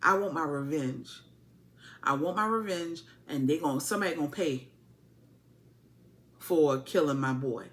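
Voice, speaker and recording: A woman's voice: low-pitched, unhurried, pauses often, fairly bright tone, pitched below the performer's own voice. A woman voicing an angry young male king who insists on revenge. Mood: vengeful. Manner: vengeful, insistent.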